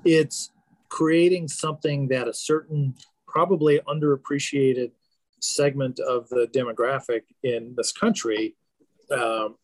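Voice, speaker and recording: A man's voice: mid-range voice, measured pace, no room sound. Man, general manager being interviewed, rambly and easygoing, dry close recording. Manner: relaxed, rambling with many fillers and restarts. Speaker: baseball team general manager. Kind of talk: conversational interview answers.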